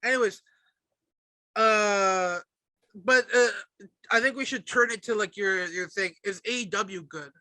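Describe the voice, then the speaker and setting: High, bright-voiced ranting podcast host. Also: male voice, unhurried, pauses often, no room sound. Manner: profane, heated ranting. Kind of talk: casual wrestling chat.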